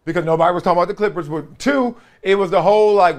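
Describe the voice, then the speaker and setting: A man's voice: high voice, rapid-fire. A man from Compton hosting his own show, talking in a casual, joking monologue and laughing often. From Compton, Los Angeles. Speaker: show host.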